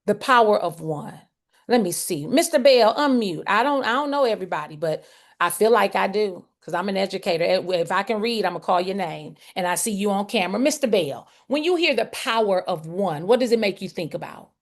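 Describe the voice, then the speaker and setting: A woman's voice: medium pitch, brisk. A woman leading a group coaching video call, energetically calling on people by name and repeating key phrases for emphasis. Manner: energetic, calls on participants by name, emphatic repetition.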